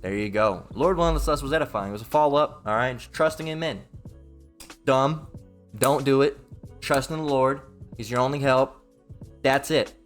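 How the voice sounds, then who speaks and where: A man's voice: medium pitch, normal speed, long pauses, faint music behind. A man giving an informal Bible lesson, blunt and emphatic, who swears freely and keeps checking in with "all right?". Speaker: religious teacher.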